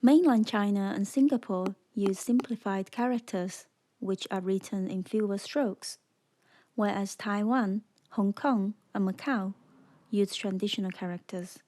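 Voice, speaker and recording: A woman narrating a scripted beginner language lesson, speaking slowly and clearly and demonstrating sounds for the listener to repeat. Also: mid-range voice, dark tone. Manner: slow, clear, demonstrating tones. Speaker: language teacher.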